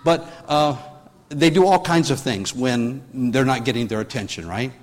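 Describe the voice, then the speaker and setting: A man's voice: mid-range voice, moderate pace, long reverb tail. A man preaching a sermon, telling a story with many restarts and rising in force when he drives home his point. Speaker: pastor.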